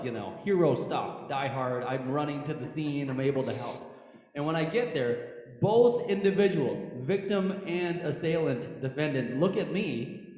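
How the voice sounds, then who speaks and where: A man in his thirties, a prosecutor and former police officer, telling animated stories to a church audience and often asking "right?". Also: medium pitch. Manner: animated storyteller, repeats himself, rhetorical "right?". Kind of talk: storytelling talk to a church audience. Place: church hall. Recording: echoey church hall with long reverb.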